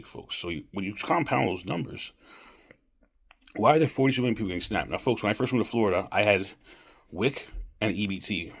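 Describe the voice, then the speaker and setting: A man's voice: lowish voice, husky. A man giving rambling casual political commentary straight to camera, calling his viewers folks. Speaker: vlogger.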